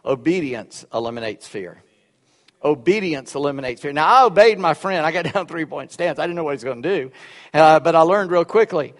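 A preacher with a notably high voice speaks in a folksy, halting way, doubling back on his words as he tells his story. His voice rings out with a long reverb from the church sanctuary around him. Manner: folksy, repeats words, drawls. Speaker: pastor. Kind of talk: sermon with personal story.

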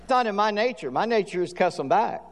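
A man's voice: high-pitched, lively intonation. Man preaching in a reverberant hall. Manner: conversational preaching with quick asides. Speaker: pastor. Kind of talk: sermon.

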